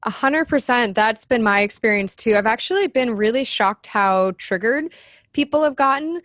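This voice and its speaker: A woman's voice: on the high side, animated, moderate pace, fairly bright tone, no echo, studio quality. A woman guesting on a podcast, chatting casually and laughing easily. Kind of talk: casual interview chat.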